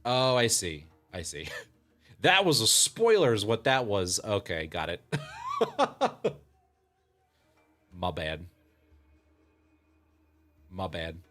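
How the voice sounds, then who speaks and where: A male streamer chats casually through a game, reading its text aloud and laughing often. His pitch moves in an animated way, and there is faint music in the background. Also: slow pace, pauses often. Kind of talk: casual gaming stream commentary.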